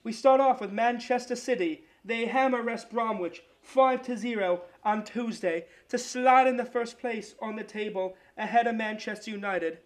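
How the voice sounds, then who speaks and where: A man's voice: high-pitched, very fast, few pauses. A man putting on a clumsy mock English accent to read soccer results like a comic reporter. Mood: hammy. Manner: clumsy put-on British accent, hammy newsreader delivery. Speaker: podcast host.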